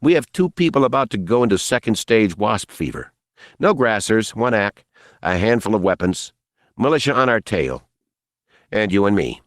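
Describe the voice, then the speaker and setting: A man's voice: low voice, big pitch swings, a little slow, no echo, clean studio sound, exaggerated voice. A male narrator voicing a bitter, angry young jungle guide in an audiobook. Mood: despairing.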